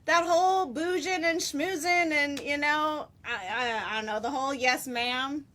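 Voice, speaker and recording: A woman in her forties chatting as an interview guest, bubbly and quick to laugh. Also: high voice, pushed and bright, a little hiss or hum. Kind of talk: casual interview chat.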